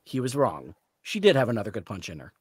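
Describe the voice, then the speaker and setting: A man reading the narration of a novel aloud in a measured storytelling way. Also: on the low side, wildly swooping pitch, husky, no echo. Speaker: author reading.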